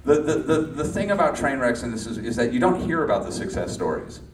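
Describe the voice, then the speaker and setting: A man's voice: mid-range voice, very animated, fast talker, echoey room, recorded from a distance. A man from Los Angeles telling a story to a live audience, often restarting sentences and laughing. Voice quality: rambling, self-interrupting, laughs often. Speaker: guest, former child actor.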